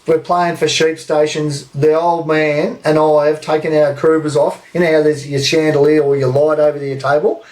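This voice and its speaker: A young Australian man telling a story on a live podcast, animated and swearing freely. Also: on the high side, normal speed, hardly any pauses, rough recording. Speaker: podcast co-host.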